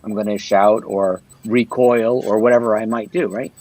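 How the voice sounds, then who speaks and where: A man's voice: lowish voice, steady tone, normal speed, a little mellow, no room sound, poor audio. A man talking earnestly on a livestream panel, explaining his ideas and often checking in with "right?".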